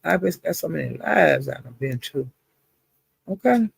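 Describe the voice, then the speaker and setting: Gravelly, husky woman gossiping on a stream. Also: low-pitched, lively intonation, normal speed, dry recording. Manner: chatty, greets viewers by name, sprinkles "honey" and "child". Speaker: live stream host. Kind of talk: casual gossip commentary. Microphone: streaming setup.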